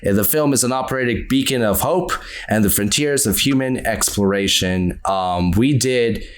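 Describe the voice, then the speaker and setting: A man co-hosting a podcast, talking through his favorite movies in casual chat, earnest and quick to laugh. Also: lowish voice. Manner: earnest, animated, laughs often. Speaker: podcast co-host.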